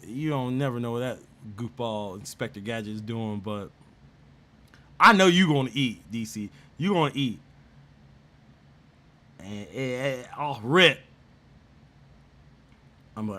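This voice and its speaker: Male gaming host, loose slangy banter with frequent laughs; bright, forceful tone. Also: mid-range voice, animated, unhurried, long pauses. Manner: slangy, laughs often, teasing. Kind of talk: casual gaming chat.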